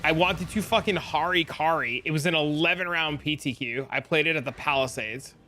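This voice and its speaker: A man's voice: a little high, fairly quick, pushed and bright, slight background noise. A man from New Jersey streaming a game, chatting casually and telling long, profane anecdotes. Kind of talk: casual livestream chat and storytelling.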